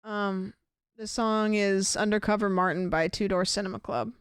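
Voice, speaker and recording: A woman's voice: medium pitch, little pitch movement, moderate pace, clean tone, dry recording, studio quality. A woman streaming a game live, chatting casually, rambling and curious with lots of fillers and questions. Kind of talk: casual live-stream chat while gaming.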